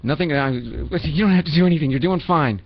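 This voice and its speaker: A man's voice: fairly high pitch, fairly quick. A man hosting a call-in radio show, rambling and teasing his callers with self-mocking jokes. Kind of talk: joking call-in radio banter. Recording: dull lo-fi radio recording with faint music.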